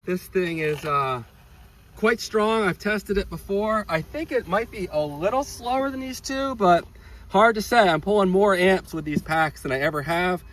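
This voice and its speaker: Standing by a busy road, a man running a casual hobby vlog reads battery test data aloud and reacts with open enthusiasm. He has a high, bright voice with lively intonation and an ordinary pace, though the recording quality is poor.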